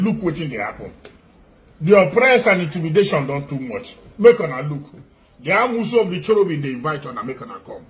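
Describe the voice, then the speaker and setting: Impassioned Nigerian Pidgin-speaking activist man. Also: on the high side. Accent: Nigerian Pidgin English. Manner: emphatic, repetitive rhetorical questions. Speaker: church activist. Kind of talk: impassioned appeal to camera.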